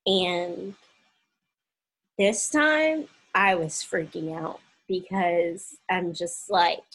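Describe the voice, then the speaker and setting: Husky young woman telling a story. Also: on the low side, extremely slow, rough recording. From Oklahoma, US. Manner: animated storytelling, acting out quoted voices. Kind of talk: personal storytime vlog.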